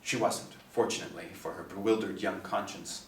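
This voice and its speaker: A man reads a novel aloud in a steady, expressive manner. His voice sits low and rings in an echoey room. The mic is set well back from him. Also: a little fast, creaky, distant mic. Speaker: narrator. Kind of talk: novel reading.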